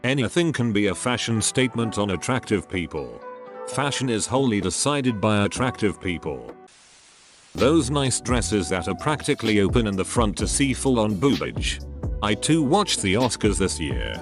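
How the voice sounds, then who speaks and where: A man's voice: lowish voice, sing-song, normal speed. A man narrating, reading online comments aloud one after another and spelling out acronyms letter by letter. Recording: background music under the voice. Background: music.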